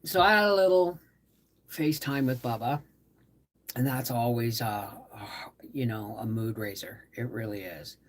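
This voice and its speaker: A middle-aged woman hosting a casual live stream, tired from a migraine, talking softly and trailing off as she greets viewers. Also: very deep voice. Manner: slow, soft-spoken, trailing off, greeting viewers warmly by name. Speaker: livestream host.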